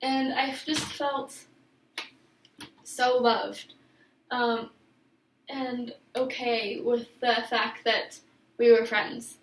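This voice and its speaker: A woman's voice: on the high side, steady tone, extremely slow, long pauses, recorded from a distance, slight background noise. A young woman vlogger telling a personal story in a rambling, emotional way, full of fillers and restarts, recorded a little away from the mic in an echoey room.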